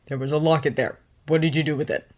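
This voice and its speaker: A woman's voice: low voice, steady tone, fast talker, a little mellow. A woman voicing an impatient teenage boy wizard who speaks sharply. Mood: stern.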